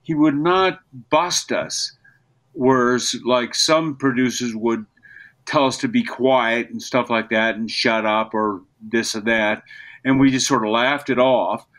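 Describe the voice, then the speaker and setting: An older man, a voice actor, telling stories as a podcast guest, lively and given to slipping into character voices. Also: medium pitch, unhurried. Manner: animated storyteller, slips into character voices. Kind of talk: interview conversation.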